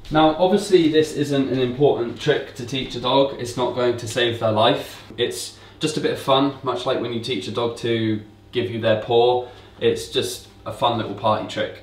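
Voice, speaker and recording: A man's voice: medium pitch, recorded from a distance. Man explaining dog training in a roomy echo. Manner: relaxed, explanatory, repeats commands to mimic owners. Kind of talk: casual instructional talk. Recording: roomy echo, speaker away from mic.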